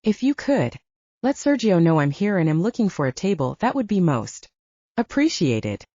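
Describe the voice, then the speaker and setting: A smooth, self-assured young man with a wry edge, voiced by a woman narrator. Low-ish, mellow tone with lively inflection. Dry, slightly dull audiobook sound. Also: normal speed, no room sound.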